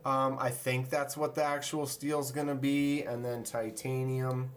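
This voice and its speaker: Reading viewer comments and welcoming people in chat, this male livestream host talks in a medium-pitched voice with little pitch movement, unhurried. The room sounds echoey and spacious, and a little hiss or hum comes through.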